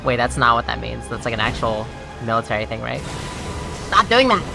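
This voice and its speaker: This woman streamer's voice is extremely low, creaky, and sing-song, and she speaks a bit fast as game music plays behind her. She swears and grumbles at her own play, chats with viewers, and lets out shouts and shrieks when she dies.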